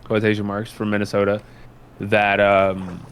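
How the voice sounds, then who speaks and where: A man's voice: lowish voice, monotone, unhurried, a little hiss or hum. A young man from Nashville with a light Southern accent, rambling loosely and swearing in casual chat. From Nashville, Tennessee. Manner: rambling, swears, laughs at his own stories. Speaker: co-host guest.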